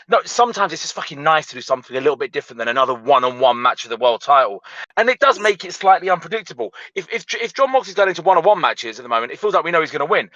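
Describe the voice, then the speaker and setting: A man co-hosting a casual wrestling podcast, quick and emphatic, stammering at the starts of sentences and swearing. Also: a little high, big pitch swings, sharp tone, no room sound, muffled recording. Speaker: podcast co-host.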